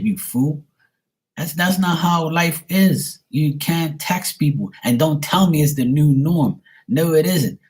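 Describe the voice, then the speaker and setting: A man ranting bluntly to the camera in a profane comic monologue, swearing often and firing rhetorical questions at the viewer. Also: mid-range voice. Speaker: vlogger answering viewer questions.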